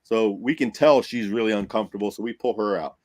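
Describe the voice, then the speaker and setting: A man, a paranormal investigator, telling a story on a podcast in a casual, animated way, acting out what people said and laughing often. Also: fairly low pitch, fairly quick, dry recording.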